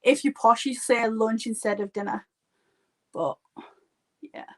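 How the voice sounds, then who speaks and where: A woman's voice: on the high side, steady tone, measured pace. A woman with a Yorkshire accent in her thirties, a makeup artist chatting casually on a live stream in a rambling way with lots of "like". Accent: Yorkshire English. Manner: chatty and rambling, heavy use of "like".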